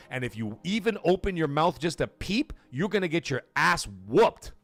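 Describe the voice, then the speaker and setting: A male livestream host talks gaming in a loose, animated rant. His pitch swoops widely and he breaks into loud outbursts and swearing. Faint music plays underneath.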